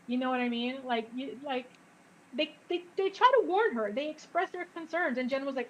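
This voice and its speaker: A woman's voice: sits high, normal speed, low-quality recording. A woman co-hosting a casual call-in show, rambling through long thoughts with many "like"s and restarts. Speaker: co-host.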